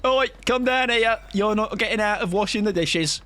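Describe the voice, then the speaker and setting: A man's voice: high voice, normal speed, bright, forceful tone, pitched above the performer's own voice. A British man voicing a bossy middle-aged mum who calls her child down and tells him off. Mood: scolding. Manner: bossy, telling off.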